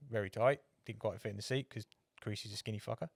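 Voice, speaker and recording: A man's voice: lowish voice, fairly even intonation, fast, creaky, no room sound, clean studio sound. A man, co-hosting a motorsport podcast in casual chat, telling rambling anecdotes and swearing freely. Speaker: podcast co-host.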